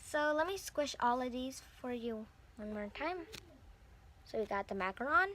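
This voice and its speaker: A young woman chatting casually as she unboxes squishy toys, gushing and breathy as she talks. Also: on the high side, expressive, moderate pace, sharp tone, a little hiss or hum. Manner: gushing, breathy squeals over cute toys. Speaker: vlogger.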